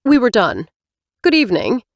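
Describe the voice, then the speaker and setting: A woman narrator voicing a quick-tempered, proud young woman in a brighter, higher tone. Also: big pitch swings, no echo, clean studio sound. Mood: indignant. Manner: higher, brighter reading with snappy retorts.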